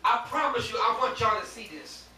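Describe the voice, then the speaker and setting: High-voiced preacher man, echoey church. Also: animated, brisk. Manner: call-and-response preaching, rising to shouts. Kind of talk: sermon. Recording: echoey church, distant mic, faint hiss.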